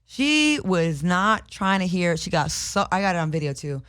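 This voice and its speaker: A woman co-hosting a podcast in a studio, telling a story in an animated, profane way. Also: on the low side, moderate pace. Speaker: podcast co-host. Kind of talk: casual chat, storytelling.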